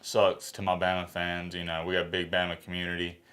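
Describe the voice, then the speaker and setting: A man, a sports YouTuber, talking in a dejected, halting way, sighing and close to tears in a reaction vlog. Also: low-pitched, completely flat delivery, a bit bright.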